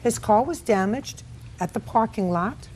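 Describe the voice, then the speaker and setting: A woman's voice: a little high, expressive, measured pace, a little mellow, a little hiss or hum. A woman judges a television court case sternly, cutting people off and mocking their words with sarcasm. Her voice rises and falls a great deal as she lectures. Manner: stern, interrupting, mocks quotes sarcastically.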